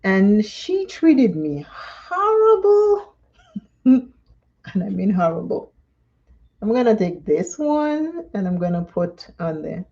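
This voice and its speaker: Lady doing a live makeup stream, slow easy chatty talk, laughs a lot, kinda muffled audio. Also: mid-range voice, sing-song, warm tone. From Dominica. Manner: chatty, laughs often, storytelling between makeup steps. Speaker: makeup vlogger.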